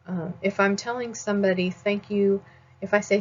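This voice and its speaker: A woman teaching a nursing class in a conversational lecture style, often pausing with "um" and checking in with "all right?". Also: mid-range voice, fairly even intonation, highs cut off, a little hiss or hum. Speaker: nursing instructor. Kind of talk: recorded lecture.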